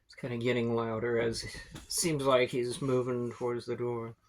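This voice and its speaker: A man's voice: mid-range voice, level tone, moderate pace, slight background noise. A man narrating a tabletop game as game master, in a laid-back, rambling way with fillers and swearing.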